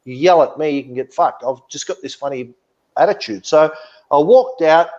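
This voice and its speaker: A man's voice: a little high, moderate pace, darkish tone, dull audio. A man telling a story in casual podcast chat, blunt and indignant, swearing freely. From Australia. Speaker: podcast co-host.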